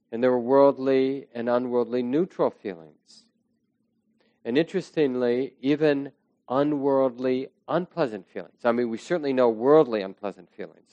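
A man teaching a meditation class, speaking slowly and reflectively, letting his phrases trail off softly. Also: medium pitch, smooth, dry recording, muffled recording. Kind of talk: dharma talk to a class.

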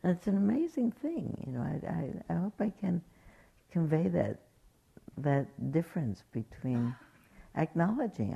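Gravelly, husky woman giving a dharma talk. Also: on the low side, big pitch swings, a little slow, muffled recording. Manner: warm anecdotal storytelling, acts out quotes. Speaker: meditation teacher.

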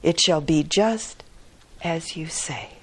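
A humble Brahmin farmer in a spoken fable, as a woman storyteller voices him. He is earnest and eager, with a breathy, unhurried voice that rises a little higher than hers. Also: fairly bright tone, exaggerated voice.

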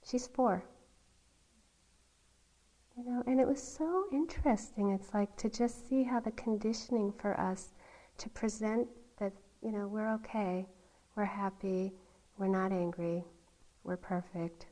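Woman, dharma talk, mellow voice, soft laughs, trailing phrases. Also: medium pitch, fairly even intonation, measured pace, pauses often, low-quality recording. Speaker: meditation teacher. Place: meditation hall.

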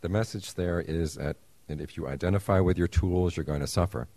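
A man giving a dharma talk as a meditation teacher, measured and explanatory, with wry asides to his listeners. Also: low voice, warm tone, no echo. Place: meditation center.

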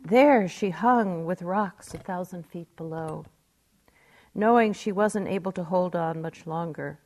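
An older woman, a meditation teacher, giving a gentle, reflective dharma talk. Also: on the low side, measured pace.

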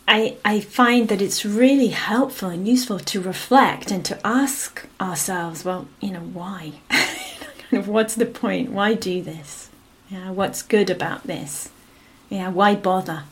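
A woman meditation teacher giving a gentle, unhurried dharma talk, her phrases often fading to a whisper and punctuated by a soft "yeah". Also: medium pitch, big pitch swings. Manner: frequent affirming "yeah" between phrases.

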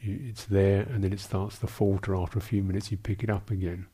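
A man, a Buddhist monk teacher, answering questions in a dharma talk, speaking in a halting, thoughtful way with many restarts and small asides. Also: low-pitched, level tone, dark tone, husky.

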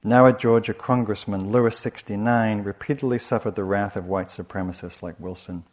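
Soft-spoken male meditation teacher. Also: on the low side, fairly even intonation. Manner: soft, measured and reflective, with frequent restarts. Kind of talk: dharma talk.

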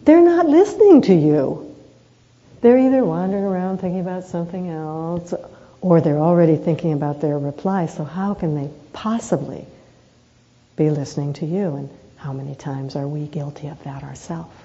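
Woman, meditation teacher, dharma talk, earnest unhurried storytelling, mellow voice, muffled lo-fi sound. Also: deep voice. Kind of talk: reflective dharma talk with personal stories.

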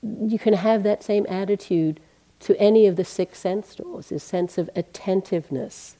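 A woman meditation teacher giving a gentle, conversational dharma talk, often saying "you know". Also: medium pitch, normal speed.

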